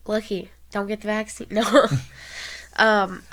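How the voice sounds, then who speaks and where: A young woman with a Southern American accent chats casually as a podcast co-host. Her voice sits at a middling pitch and sounds a little stuffy. She giggles and rambles as she goes. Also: fairly even intonation, very slow, fairly bright tone, rough recording. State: stuffy nose.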